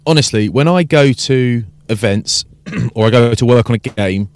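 Brief: male podcast host, lively storyteller, dry close sound. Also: mid-range voice, moderate pace, no room sound. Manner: animated storytelling, acting out exchanges. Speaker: podcast host and rugby commentator. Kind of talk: casual podcast chat.

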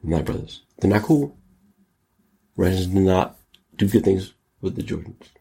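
A male host delivering an energetic solo commentary show, hyped and exclamatory, often jumping up to high squeals. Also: normal speed, vocal fry, slightly rough. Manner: hyped, exclamatory, gasping and laughing, jumps to squeals.

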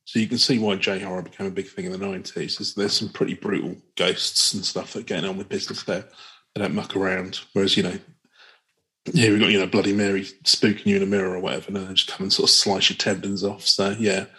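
A man in his forties co-hosts a podcast in a relaxed, meandering way, full of ums and asides. His voice sits on the low side. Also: quick pace. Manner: rambling, jokey, trails off with ums. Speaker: podcast co-host. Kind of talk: casual chat.

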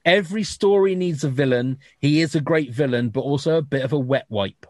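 A man's voice: fairly high pitch, no echo, clean studio sound. A man hosting a casual podcast chat, joking and reading out listener scores. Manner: jokey, reads listener scores briskly. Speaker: podcast host.

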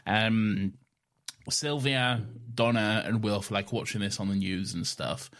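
A man co-hosting a podcast, chatty and quick to giggle. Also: on the low side, a bit bright. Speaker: podcast co-host. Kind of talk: casual chat.

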